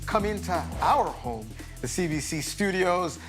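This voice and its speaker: A man's voice: high voice, expressive, unhurried. A man hosting a halftime basketball studio show, upbeat and joking with his analysts. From Canada. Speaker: studio host. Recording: music bed behind voice.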